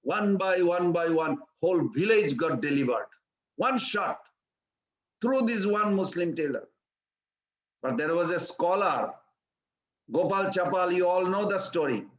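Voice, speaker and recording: A preacher tells a storytelling sermon in simple, broken English, acting out quoted voices at a higher pitch. He's expressive, a little slow, and pauses often, recorded in an echoey room with slightly dull sound.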